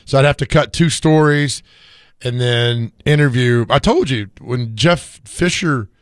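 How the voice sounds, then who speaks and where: A man hosting sports talk radio, hoarse from screaming, telling rambling self-mocking stories. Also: mid-range voice, measured pace, dry recording, studio quality. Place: radio studio.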